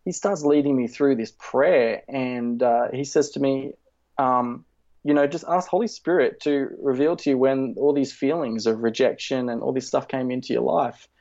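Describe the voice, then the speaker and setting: A man in his thirties tells a personal faith story in an earnest, halting way, full of fillers and restarts. His voice sits at a middle pitch. The recording is slightly dull and lo-fi. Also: darkish tone. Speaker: speaker sharing a testimony.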